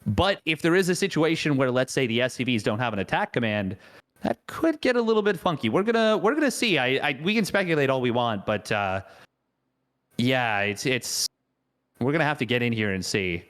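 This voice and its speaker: A man's voice: medium pitch, lively intonation, a little fast, a bit bright. A man casting a live esports match, joking around and thinking aloud as he talks. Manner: playful, jokey, rambling. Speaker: esports caster.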